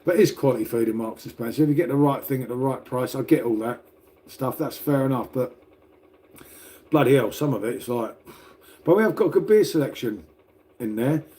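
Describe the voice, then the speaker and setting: A man's voice: mid-range voice, brisk, long pauses, mellow. An older man with an English accent chatting casually to viewers on a livestream. He rambles, swears freely and calls everyone mate. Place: at home, making coffee.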